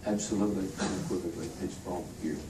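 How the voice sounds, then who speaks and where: With a quick pace, low pitch and fairly even intonation, an institute leader jokes and chats as he introduces his team members at a staff event. The recording comes from an echoey room full of people, with a distant mic and crowd noise.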